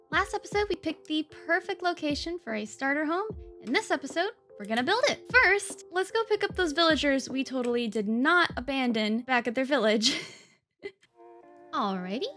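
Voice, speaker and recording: A woman's voice: sits high, a bit bright. A woman hosting a let's play, chatting playfully through her gameplay and laughing often. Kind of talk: casual gameplay commentary.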